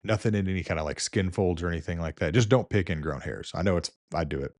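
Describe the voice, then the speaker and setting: A man's voice: low-pitched, fast, darkish tone, dry recording, clean studio sound. A man who works as a nurse tells shift stories in a casual, rambling way, with many fillers and restarts. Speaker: nurse and video host. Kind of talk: casual storytelling.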